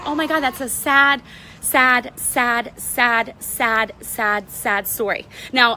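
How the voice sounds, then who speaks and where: A woman in her thirties giving a casual motivational talk as a life coach, animated and tagging lines with "right?". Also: high-pitched, a little hiss or hum. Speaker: life coach hosting a live video.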